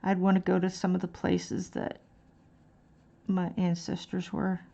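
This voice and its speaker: Woman from Texas, casual coloring-stream chatter, slow and rambling, gravelly fry. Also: fairly low pitch, completely flat delivery, warm tone, muffled recording. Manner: rambling, laughing, self-deprecating.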